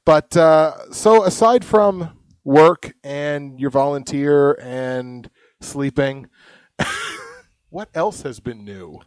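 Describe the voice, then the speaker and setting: A man's voice: a little high, animated, extremely slow, no room sound. A young man co-hosting a casual live podcast, chatty and rambling, laughing often. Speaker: podcast co-host.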